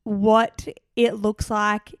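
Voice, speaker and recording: A woman's voice: medium pitch, little pitch movement, extremely slow, smooth, dry recording, clean studio sound. A young woman from Queensland with an Australian accent, co-hosting a podcast and telling stories in chatty, giggly casual talk. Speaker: podcast co-host. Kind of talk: casual chat.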